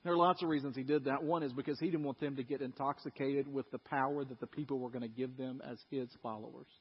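A medium-pitched, slightly rough male voice moves at a quick pace as the pastor preaches, acting out characters' voices in lively storytelling. The church recording has an echoey, dull, lo-fi quality.

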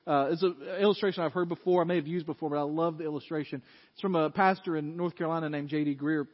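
A male pastor giving a sermon, swinging from loud, emphatic peaks to quiet, low asides. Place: church sanctuary. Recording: dull sound in a large reverberant hall.

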